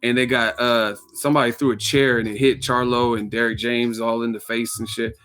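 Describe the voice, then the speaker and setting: A man's voice: medium pitch, flat delivery, a little fast, fairly bright tone. Profane joking man ranting about boxing. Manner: joking, profane, acts out quotes with laughs. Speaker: boxing commentary channel host. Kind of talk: casual opinion rant.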